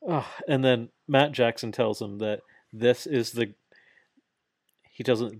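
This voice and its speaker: Man, mid-pitched, casual podcast co-host, swears and laughs a lot, dry close recording. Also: takes it slowly, no echo. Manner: animated, laughing, swears freely. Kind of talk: casual chat.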